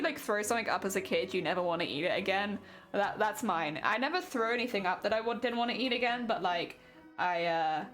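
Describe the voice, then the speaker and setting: A young woman streaming, chatting playfully with her viewers while she crafts, often giggling. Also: medium pitch.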